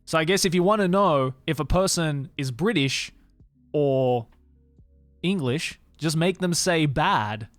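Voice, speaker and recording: An Australian man streaming, chatting casually with viewers in a musing, hesitant way, slowing down to sound out words. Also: a little high, lively intonation, dry recording, faint music behind.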